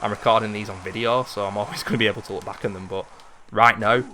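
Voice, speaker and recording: A man in his thirties giving casual play-by-play of a retro hockey video game, chatty and wandering, jumping into excited calls. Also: on the low side, fast talker, slight background noise. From Britain. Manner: chatty, drifts into memories, rises into excited calls at goals. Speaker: gaming video host.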